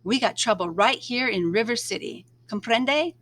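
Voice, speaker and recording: A woman reading aloud, voicing a blunt, confiding woman teacher who talks wryly and briskly. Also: on the high side, a bit bright.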